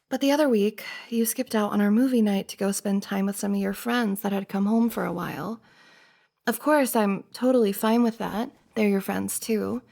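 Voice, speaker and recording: A woman's voice: fairly high pitch, creaky. Woman as a pleading best friend, whispered role-play. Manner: soft, pleading, earnest, hesitant. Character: flustered best friend confessing feelings. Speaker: ASMR roleplay performer.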